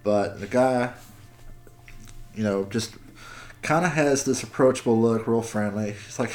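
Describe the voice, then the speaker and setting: A man's voice: mid-range voice, unhurried, pauses often, a little mellow. A man co-hosting a podcast, chatting casually and telling stories with plenty of swearing. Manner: swears freely, tells stories with quoted voices. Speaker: podcast co-host. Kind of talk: casual chat.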